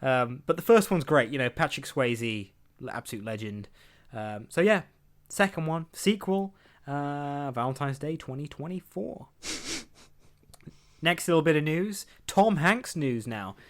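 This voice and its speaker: A young man with a slightly high, animated voice hosts a podcast at a measured pace. He rambles chattily through entertainment news, laughing often and acting out quotes.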